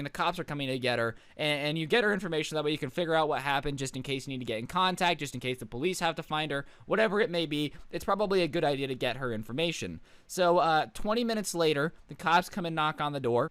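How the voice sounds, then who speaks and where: A man's voice: a little high, fairly bright tone, clean tone, no echo. A young man casually telling a true-crime story, rambling and jokey with wry asides. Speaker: YouTube storyteller.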